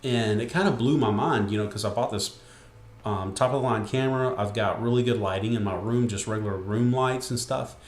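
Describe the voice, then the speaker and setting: A man's voice: fairly low pitch, a little fast, echoey room. A man giving a casual, rambling tutorial from his home desk, with many fillers and restarts. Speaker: webcasting instructor. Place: home room with desk and window. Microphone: computer screen recording.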